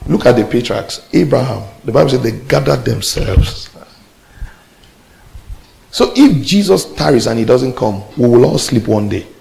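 A male pastor preaching with a deeply gravelly, fry-laden voice at a middling pitch. He shifts between quiet, low storytelling and loud, climbing call-and-response exclamations to the congregation. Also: expressive, moderate pace, rough recording. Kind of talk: sermon.

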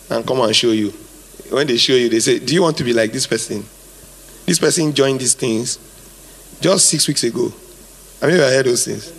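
A man's voice: mid-range voice, vocal fry, husky. A male pastor preaching a sermon, emphatic and repetitive, drawing answers from the congregation, recorded live in a hall. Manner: emphatic, repeats phrases, asks the congregation to fill in words.

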